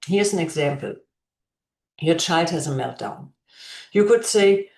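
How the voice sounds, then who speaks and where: Slow, gentle woman teaching in an echoey room. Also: fairly low pitch, animated, vocal fry. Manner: slow, deliberate, gently modeling phrases to a child. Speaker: parenting educator. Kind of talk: instructional talk.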